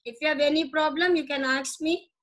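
A woman teacher walks her class through a play, reading a line and then paraphrasing it. Her voice is high and bright. She often checks with the students that it is clear. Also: fairly even intonation, fairly quick, rough recording. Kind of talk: classroom lesson explaining a play.

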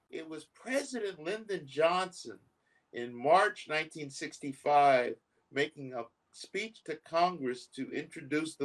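A man's voice: fairly high pitch, distant mic, rough recording. A man in his sixties, from the United States, talking over memories with his sister, earnest and reflective, with many fillers. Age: 60s. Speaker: interviewee. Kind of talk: recorded conversation between siblings.

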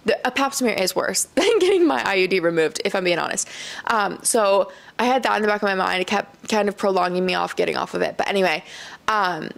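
A young woman from Iowa hosts a casual solo podcast, her medium-pitched voice expressive, a little fast and touched with vocal fry. She talks candidly and chattily, full of "like" and "um," laughing often, yet right now she sounds tearful and choked up.

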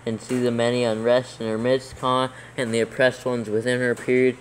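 A man reading scripture aloud for proofreading, slowly calling out each capital letter and punctuation mark. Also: medium pitch, flat delivery, slight background noise, poor audio. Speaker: proofreading reader. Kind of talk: dictating scripture text aloud.

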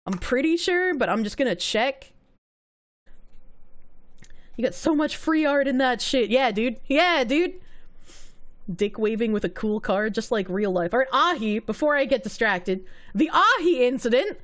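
High, lively female streamer. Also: measured pace, long pauses. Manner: animated, laughs often, swears casually. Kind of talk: casual livestream commentary.

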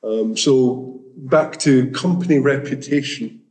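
Man, mid-pitch, unhurried rambling speaker for a community lecture. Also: a little mellow, poor audio. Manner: rambling, restarts and jokey asides with put-on quotes. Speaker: speaker at a community education talk. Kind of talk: informal public talk.

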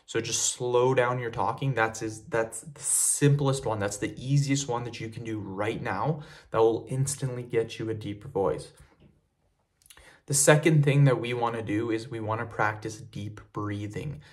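A man's voice: mid-range voice, fairly even intonation, measured pace. A young man talking casually to camera in a fitness vlog, explaining simple exercises in a plain, repetitive way with frequent fillers. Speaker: fitness video creator. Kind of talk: casual tutorial talk to camera.

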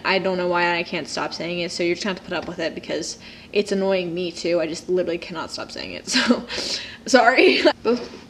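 A young woman talking straight to her viewers in a loose, giggly way, full of little laughs and asides that poke fun at herself. Her pitch sits right in the middle for a woman, and a faint hiss of background noise runs under her voice. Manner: giggly and chatty, self-mocking asides; drops to a hushed whisper at times. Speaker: vlogger. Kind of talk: casual vlog chat while playing a story game.

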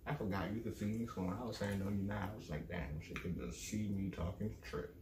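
A man's voice: deep voice, brisk, reverberant, background noise. A man chatting as a guest, laid-back and joking, laughing a lot. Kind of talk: casual chat.

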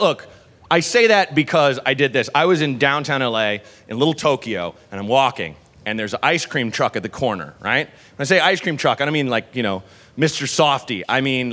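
A man's voice: mid-range voice, fairly bright tone. A man performing a stand-up comedy set on stage, telling a rambling story with lots of asides. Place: live comedy venue on stage.

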